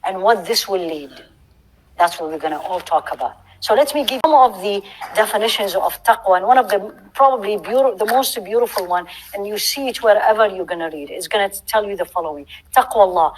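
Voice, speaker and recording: Animated woman teaching a religious class. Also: mid-range voice, fairly quick, a little hiss or hum, poor audio. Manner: animated, asks the audience questions. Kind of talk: lecture to a live class.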